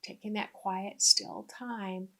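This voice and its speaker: A middle-aged woman giving a gentle, unhurried spiritual teaching talk with soft asides. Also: mid-range voice, steady tone, gravelly.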